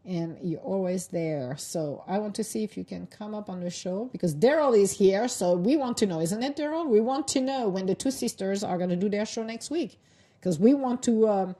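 Woman, talk show host, rambling and chatty, laughs a lot, mellow warm tone. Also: mid-range voice, expressive, fairly quick. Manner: rambling, chatty, laughs often, loose grammar. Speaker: host of a live audio talk room. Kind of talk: casual chat.

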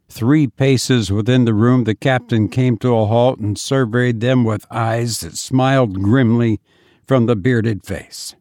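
Slow, gravelly male audiobook narrator. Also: mid-range voice, a little mellow, no room sound, clean studio sound. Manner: measured, dramatic reading. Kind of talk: scripted narration.

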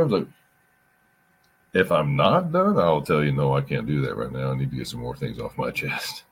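A man with an extremely deep, husky voice rambles through a story in casual podcast chat. He restarts his sentences and swears freely. His pitch swings widely as he talks. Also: animated, normal speed.

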